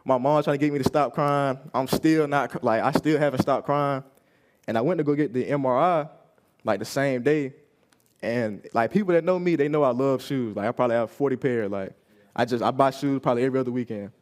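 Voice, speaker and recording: A man's voice: mid-range voice, a little fast. A young man giving a personal testimony at a youth service, telling his story casually and acting out what people said.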